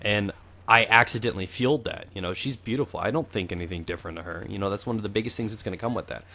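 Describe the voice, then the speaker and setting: A man's voice: fairly low pitch, rapid-fire, gravelly, sharp tone. A young man in his twenties talking casually over gameplay, chatty and crude, swearing freely. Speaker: gaming YouTuber.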